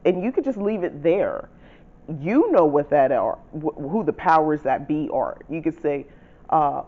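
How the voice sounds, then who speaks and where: A man hosting his own channel, casually walking viewers through rewriting a spell, chatty and self-correcting, reading spell lines out slowly. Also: fairly high pitch, dull audio. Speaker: channel host teaching spell writing. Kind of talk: casual how-to explanation.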